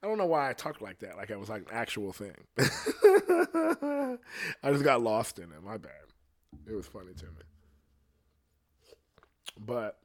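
Guy rambling on and on, cussing a lot, chill and low-key, kinda deep. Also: huge pitch swings, measured pace, long pauses. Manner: profane, meandering, laid-back storytelling. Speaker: singer talking on a podcast. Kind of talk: casual rambling monologue.

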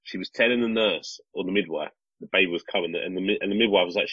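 Husky deep-voiced man. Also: quick pace, few pauses, no echo. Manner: animated, rambling storyteller with many restarts. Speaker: podcast co-host, father. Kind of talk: casual conversational storytelling. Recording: slightly dull lo-fi recording.

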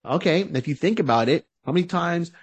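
A man on a podcast retells a comic book plot, keeping the story lively with quick put-on voices for its characters. His voice is husky, and the sound is dry and close with no room around it. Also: fairly high pitch, dry recording. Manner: animated storyteller who acts out short character voices. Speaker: podcast co-host.

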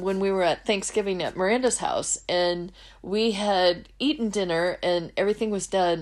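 A middle-aged woman hosting a faith-based podcast, telling personal stories casually and acting out the people she quotes. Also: fairly low pitch. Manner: storytelling, acts out quoted voices. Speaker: podcast host.

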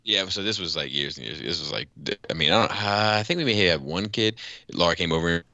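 A man's voice: low voice, fast, gravelly, bright, forceful tone, no echo, lo-fi sound. A man in his thirties co-hosting a podcast, telling stories in rambling casual chat and swearing freely. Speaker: podcast co-host.

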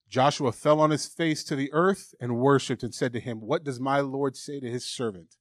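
A man's voice: medium pitch, normal speed, no room sound, studio quality. A man preaching a sermon, emphatic and candid, reading scripture aloud and acting out the doubting voices people hear. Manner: emphatic, candid, acts out mocking inner voices.

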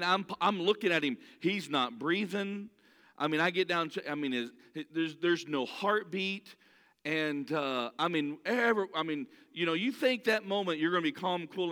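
Bright, clear-voiced man preaching in a hall. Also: on the high side. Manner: earnest, storytelling, asks the crowd directly. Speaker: pastor. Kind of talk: conversational sermon. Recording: long reverb of a large hall.

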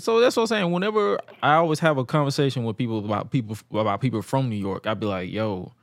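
A man's voice: mid-range voice, lively intonation, fast, creaky, few pauses, no room sound, clean studio sound. A man hosting a podcast in casual chat, laid-back and rambling, laughing often. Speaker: podcast host.

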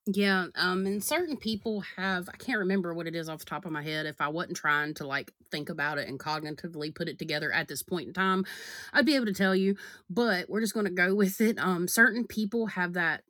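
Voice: mid-range voice, sharp tone, no echo, clean studio sound. A podcast co-host talking casually, rambling with many fillers and asides to the listeners. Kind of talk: casual chat.

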